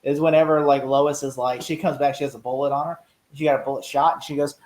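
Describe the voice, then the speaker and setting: A man co-hosting a casual show chat, excitable and laughing often, acting out scenes in high voices. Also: quick pace, roomy sound. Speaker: podcast co-host.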